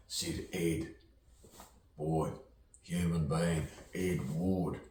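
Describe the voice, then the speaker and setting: Deep, slow, rambling rhyming man. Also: fairly even intonation, mellow, a little hiss or hum. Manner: free-associating, rhyming, playful, shifting voices. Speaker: self-styled poet and performer. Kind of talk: rambling spoken-word monologue. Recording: roomy echo, distant from the mic, faint ambience.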